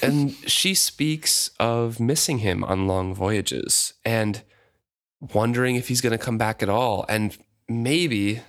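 A man in a casual podcast chat reads a novel passage aloud and then talks it over in a relaxed way. His voice sits at an ordinary middle pitch, and he thinks out loud as he goes. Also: slow pace. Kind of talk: casual book discussion and reading aloud.

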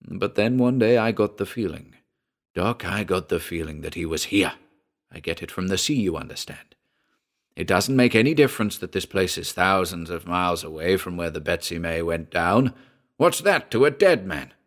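A man voicing a weathered old sea captain, gruff and brooding, in a spoken story. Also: low voice, animated, moderate pace.

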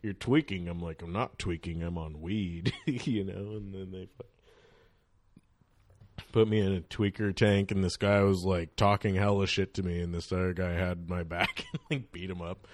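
A man's voice: sits low, steady tone, moderate pace, no echo. A man from northern California, a guest telling laid-back, slangy stories with frequent laughter in a casual chat. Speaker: podcast guest, DJ.

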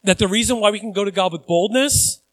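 A man preaching a sermon in a lively, conversational way, acting out quotes as he goes. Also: high voice, fast, low-quality recording. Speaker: pastor.

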